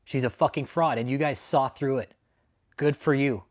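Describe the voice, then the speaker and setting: At a medium pitch and an ordinary pace, the man hosting this stream from his San Antonio home vents his rage. He is a Texan who curses a lot, circles back to the same threats, and keeps the rant heated and profane.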